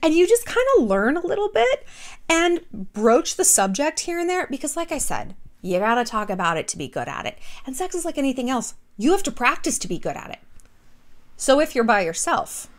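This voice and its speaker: A woman vlogger talking casually to her viewers in an animated, gossipy way, blunt and a little profane, with lots of "like.". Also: a little high, a little fast. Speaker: vlogger host. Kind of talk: casual chatty commentary. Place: small city apartment.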